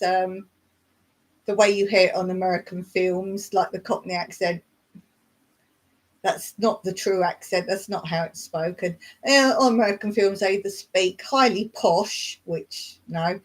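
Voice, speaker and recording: A middle-aged woman from England with a Surrey accent, hosting a live chat, reading out viewer comments and answering them in a rambling, chatty way with frequent laughs and fillers. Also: medium pitch. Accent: Surrey English. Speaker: YouTube channel host.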